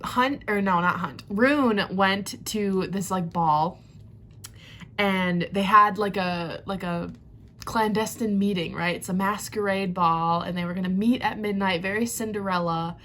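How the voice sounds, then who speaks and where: A woman giving a casual reading vlog reaction, excitable and rambling, gasping and squealing at plot twists. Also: medium pitch, a little slow. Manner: rambling recap with many fillers. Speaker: book vlogger.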